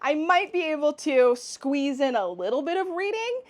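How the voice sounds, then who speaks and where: A woman's voice: high voice, sing-song, moderate pace. A young woman chatting casually in a book vlog, giggly and rambling, with faint music underneath. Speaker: book vlogger.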